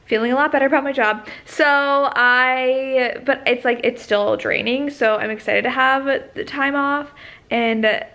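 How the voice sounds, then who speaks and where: Young woman, fairly high voice, casual book vlog, enthusiastic, chatty, at home. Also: steady tone, unhurried, bright, forceful tone. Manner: chatty and enthusiastic, many fillers. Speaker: book vlogger; teacher. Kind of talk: casual reading vlog chat.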